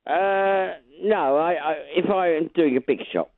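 A man's voice: fairly high pitch, a little slow, dry recording. A man calling in to a radio show over the phone, talking in a hesitant, mild way. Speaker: caller. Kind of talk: phone-in chat. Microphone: telephone. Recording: tinny phone line.

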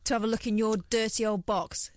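A woman's voice: on the high side, fairly even intonation, brisk, dry recording. A woman with an English accent co-hosting a radio show, teasing her partner with dry innuendo. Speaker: radio co-host. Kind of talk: casual chat.

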